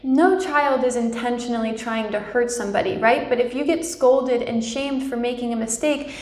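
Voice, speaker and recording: A young woman with a fairly high voice talks softly and reassuringly about her own feelings, pausing often to check in with her listeners. Her voice carries a noticeable echo from the room around her. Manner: gentle and reassuring, often adds "right?". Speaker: spiritual channel host. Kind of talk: personal spiritual talk to viewers.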